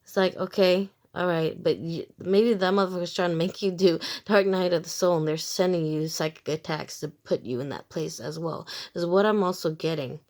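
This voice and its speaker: A woman's voice: lowish voice, fairly quick, hardly any pauses, darkish tone. A woman giving a casual tarot reading to her viewers, frank and emphatic, swearing freely and repeating short phrases as she talks. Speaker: tarot reader.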